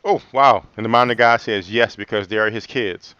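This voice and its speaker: A man's voice: lowish voice, moderate pace, sharp tone, smooth, dry recording, lo-fi sound. A man hosting a livestream and answering live comments in a loose, rambling way, laughing often and saying "man" a lot. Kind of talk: casual livestream chat.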